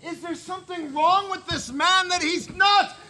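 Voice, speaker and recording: Um homem com voz muito aguda e brilhante conta uma piada longa e cheia de repetições, que vai crescendo até virar gritos de empolgação. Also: male voice, extremely high pitch, moderate pace. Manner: rambling, repetitive, building to shouted excitement. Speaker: comic storyteller in a band show. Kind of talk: comic shaggy-dog storytelling.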